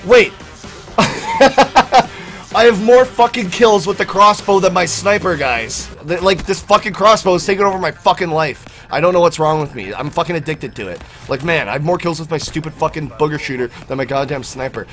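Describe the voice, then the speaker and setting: A young man giving profane, excitable live commentary on his own gameplay, with sudden yelled outbursts. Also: fairly high pitch, fairly quick, few pauses. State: out of breath. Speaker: gaming channel host.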